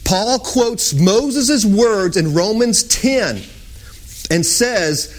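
Impassioned high-voiced male preacher. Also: expressive, drawn-out words. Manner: impassioned, swings from loud sung-out lines to hushed whispers. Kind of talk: sermon.

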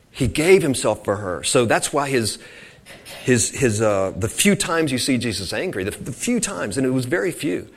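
A man preaching an informal sermon, earnest and rambling, often repeating words as he goes. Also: mid-range voice.

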